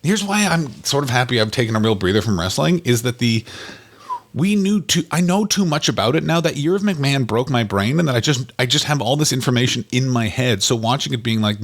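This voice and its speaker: A man co-hosting a casual comedy podcast, talking in excited, rambling bursts with swearing and sudden jumps up in pitch. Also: brisk. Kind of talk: casual chat.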